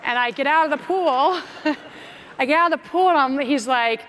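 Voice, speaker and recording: A woman's voice: sits high, moderate pace, slight background noise. American woman telling stories in an echoing hall. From United States. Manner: lively storyteller who acts out her own and others' lines. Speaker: keynote speaker. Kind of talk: motivational storytelling speech. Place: large conference hall. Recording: long reverb in a large hall.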